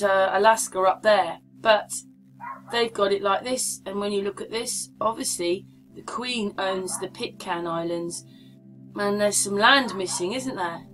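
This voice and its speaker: A woman's voice: mid-range voice, fairly bright tone. A woman vlogger talking casually and meanderingly while showing maps, often asking the viewer what they think. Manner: chatty, meandering, asks the viewer questions. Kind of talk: casual rambling commentary over maps.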